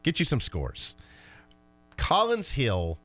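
A man hosting a sports talk radio show, talking with fired-up energy about high school and college football. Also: wildly swooping pitch, takes it slowly, fairly bright tone, faint music behind.

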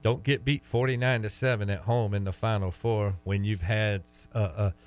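A man co-hosting a casual sports talk show, ranting and teasing his co-host with big swings in pitch and volume. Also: moderate pace. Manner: teasing, animated, loud rants.

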